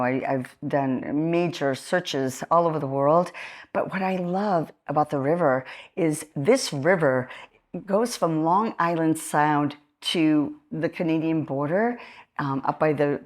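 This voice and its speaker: A middle-aged woman with a Massachusetts accent, her voice sitting very low. She gives an informal talk about history and diving, eager and rambling, full of "um"s and restarts. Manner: enthusiastic, rambling, with many fillers and restarts. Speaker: historian and scuba diver giving a talk.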